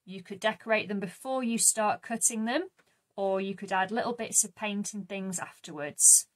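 A woman's voice: medium pitch, normal speed. A woman giving a friendly, encouraging craft tutorial, explaining steps simply. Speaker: craft demonstrator.

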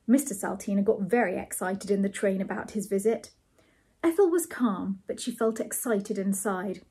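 A woman reading a novel aloud as storybook narration, measured and lightly amused. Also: medium pitch, warm tone, slightly rough. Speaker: reader of a novel.

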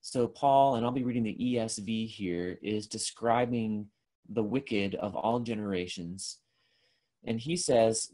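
A man giving a seminary lecture, earnest and thinking aloud, often restarting his sentences and reading lists aloud in a measured way. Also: fairly low pitch, mellow.

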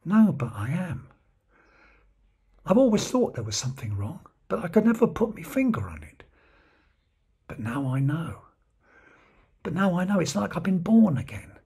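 A man voicing a working-class bloke who confides in hushed tones, speaking. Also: on the high side, very animated, normal speed, gravelly, pauses often, slightly rough, voice pushed up, heavily acted. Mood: confiding.

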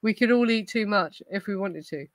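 A tipsy woman on a casual livestream, ranting in rambling bursts and swearing freely. Her voice sits at a middle pitch and sounds close and dry, with no room around it. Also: moderate pace, no echo, rough recording. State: tipsy from gin. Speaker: host of a true crime livestream. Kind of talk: casual livestream chat, responding to viewers.

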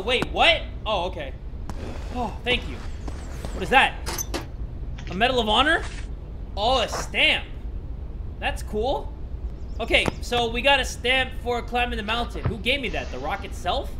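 A young man giving joking let's-play commentary, excitable and crude, with sudden loud outbursts. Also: very high-pitched, background noise. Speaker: gaming YouTuber.

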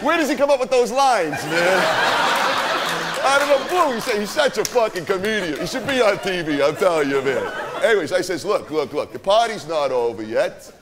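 On a theater stage, a man with a high-pitched, sing-song voice at normal speed performs a swaggering, profane streetwise young guy in a boastful character monologue. He tells a rowdy party story, forever asking "right?", over a loud crowd and heavy background noise.

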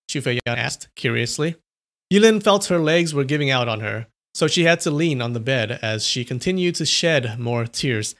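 A man's voice: mid-range voice, moderate pace, fairly bright tone. A man reading a novel aloud on a live stream, stopping to chat about viewers' comments. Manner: chatty, reacts to viewers' comments.

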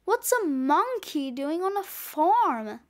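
A woman's voice: very high-pitched, big pitch swings, slow pace, exaggerated voice. A woman reading aloud and voicing a sensible schoolboy who scolds and objects in an exasperated tone. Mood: scolding. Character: fussy, sensible boy friend, easily shocked.

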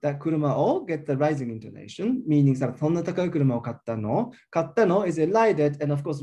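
In an academic linguistics lecture, a man talks in a mellow, slightly elevated voice whose pitch moves up and down a great deal. His manner is explanatory as he builds each point in sequence, thinking aloud with many uh's and um's in the pauses.

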